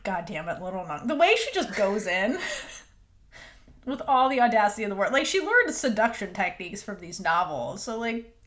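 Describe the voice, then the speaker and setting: A woman's voice: on the high side, sing-song, normal speed, a bit bright. A woman co-hosting a podcast, recapping an episode in casual chat, acting out quotes, swearing and laughing often. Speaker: podcast co-host.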